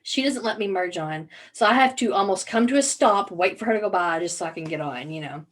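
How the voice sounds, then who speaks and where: A woman co-hosting a podcast, telling a story in casual chat, animated, with many fillers and some swearing. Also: medium pitch, fairly quick. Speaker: podcast co-host.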